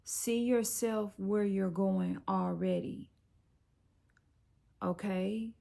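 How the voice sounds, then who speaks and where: A woman's voice: medium pitch, steady tone, drawn-out words, creaky, dark tone. A middle-aged woman, a life coach, giving an encouraging, conversational tarot reading that turns slightly preachy. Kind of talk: direct-to-camera tarot reading.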